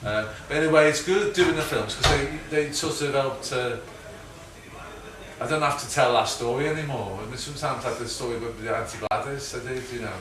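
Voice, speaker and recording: A man's voice: medium pitch, brisk. A middle-aged man from Liverpool with a Liverpool accent, answering audience questions in a rambling, chatty way, often laughing and ending on tag questions. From Liverpool, England. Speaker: guest filmmaker. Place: event room with audience. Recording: echoey room, distant mic, background noise.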